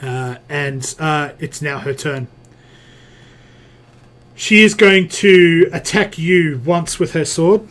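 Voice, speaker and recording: A man's voice: on the high side, slow pace, long pauses, fairly bright tone. A man running a tabletop game as game master, hesitant and full of fillers as he works out dice math.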